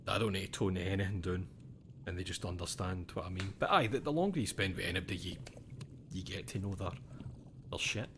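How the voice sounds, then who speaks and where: A young Scottish man streaming a game, rambling between stories in a relaxed way and swearing without a second thought. His voice sits a little low. A clear, constant background noise runs under the whole recording. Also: fairly quick. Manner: chatty, rambling, swears freely. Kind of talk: casual commentary while gaming.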